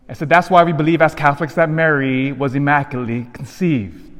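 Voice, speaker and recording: Speaking fast with fairly even intonation, a Catholic priest with a somewhat high voice preaches a sermon. He earnestly shares a personal story, playing each person in the conversation. A church's long reverb surrounds his voice.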